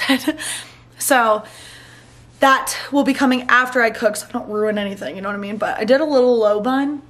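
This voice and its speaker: A woman's voice: on the high side, fairly bright tone. Chatty young woman vlogging. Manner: chatty, bubbly, says "like" and "um" often. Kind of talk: casual vlog chat. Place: home, indoors.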